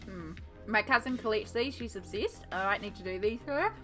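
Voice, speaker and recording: A woman's voice: mid-range voice, expressive, brisk, fairly bright tone, faint music behind. A woman chatting casually and playfully while she paints on a live stream. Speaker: art streamer.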